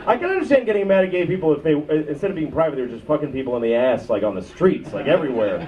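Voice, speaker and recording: A man in his thirties doing live stand-up, profane and ranting, swinging from loud outbursts to low muttered asides. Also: expressive, very fast. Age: 30s. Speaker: stand-up comedian. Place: comedy club stage. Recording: muffled bootleg recording from a distance with loud crowd noise. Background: audience laughter.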